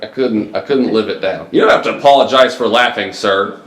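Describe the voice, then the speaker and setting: Low-voiced deadpan male podcast host. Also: fairly quick. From Mississippi, US. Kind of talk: casual comedic chat. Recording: echoey room.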